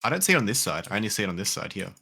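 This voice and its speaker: A man with a very low voice but a bright, forceful edge to it, chatting in a gaming voice call. He thinks out loud, rambles a little and swears casually. The talk is relaxed and conversational. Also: very fast, creaky, breathy edge. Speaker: game player. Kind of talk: casual voice chat while gaming.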